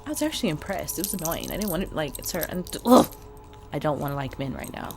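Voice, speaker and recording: A woman vlogger telling a personal story to the camera in a chatty, expressive way, talking straight to her viewers. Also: low-pitched, quick pace, gravelly, music in the background.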